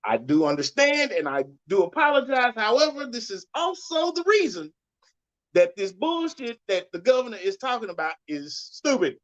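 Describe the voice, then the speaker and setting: A man's voice: very animated, normal speed. Ranting, profane man host. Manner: loud, blunt, cursing rants with sudden pitch jumps. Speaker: podcast host. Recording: dull lo-fi sound.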